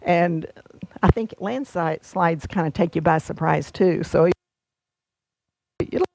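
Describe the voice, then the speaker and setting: A woman's voice: lowish voice, slow, creaky, a little mellow, slight background noise. Chatty woman showing quilt patterns. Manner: chatty, homey, with fillers and asides. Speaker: quilt designer and shop host. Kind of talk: casual product walkthrough.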